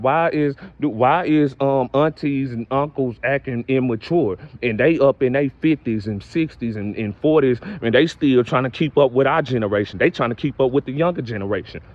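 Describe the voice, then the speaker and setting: Young man, mid-pitched, preaching to camera on a dull, lo-fi recording. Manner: preachy, repetitive catchphrases, rising to high exclamations. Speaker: vlogger. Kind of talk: casual direct-to-camera rant.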